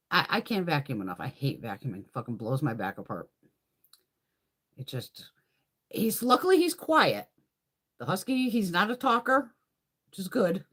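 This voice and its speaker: Middle-aged woman, husky voice, lively up-and-down delivery, profane storytelling, laughs a lot. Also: lowish voice. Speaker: beauty vlogger hosting a live chat. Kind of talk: casual live-stream chat.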